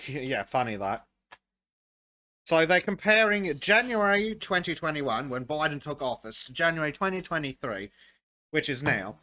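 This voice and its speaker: A man with a fairly high and very bright, forceful voice, hosting a podcast chat. He sounds excitable and keeps tripping over restarts as he pushes his point. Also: moderate pace. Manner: excitable, stumbling restarts, laughs often. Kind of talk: casual chat.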